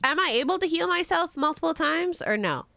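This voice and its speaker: A woman playing a tabletop role-playing game, talking in an unhurried, giggly way. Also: extremely high pitch, expressive, vocal fry, bright, forceful tone, no echo. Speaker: player. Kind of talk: tabletop role-play chat.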